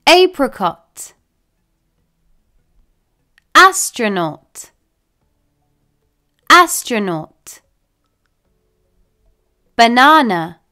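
Slow, bright-voiced woman teacher. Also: a little high. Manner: says each word twice with long pauses, careful and deliberate. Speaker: English teacher. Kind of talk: slow, clearly enunciated word-list reading.

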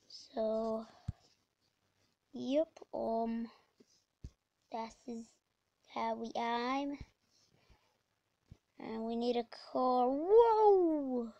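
A woman giving casual, rambling commentary while playing a video game, breaking into sudden excited exclamations. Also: fairly high pitch, no echo. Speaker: let's play gamer.

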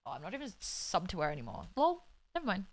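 Speaking fast with huge pitch swings, a young woman from Australia casually chats with her live-stream viewers and reads their messages aloud. Her voice is medium-pitched, and she's loud and foul-mouthed, exasperated yet laughing a lot.

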